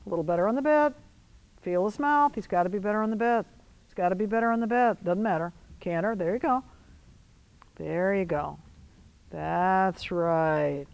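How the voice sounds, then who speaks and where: A woman riding instructor coaching a rider in an arena, giving brisk commands mixed with encouragement. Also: medium pitch, creaky, a little mellow, no room sound, poor audio.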